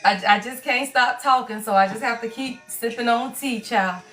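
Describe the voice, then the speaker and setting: Woman, thirties, strained hoarse voice, bright tone, playful chatty tarot host, phone mic. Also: fairly high pitch, moderate pace, soft background music, low-quality recording. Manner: chatty, playful, talks straight to her viewers. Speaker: tarot reader hosting a live stream. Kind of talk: casual live-stream chat.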